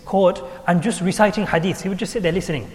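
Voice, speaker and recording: A man giving an Islamic talk, telling historical stories in an animated way, with fillers and restarts. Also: sits high, quick pace, long reverb tail. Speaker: Islamic speaker. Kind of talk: sermon.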